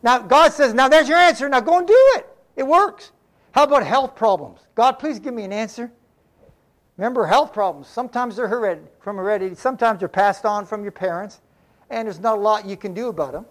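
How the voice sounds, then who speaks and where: A man's voice: high-pitched, fairly quick, a bit bright. An older man preaching a sermon in a folksy, conversational way, mixing scripture with homespun stories. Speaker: pastor.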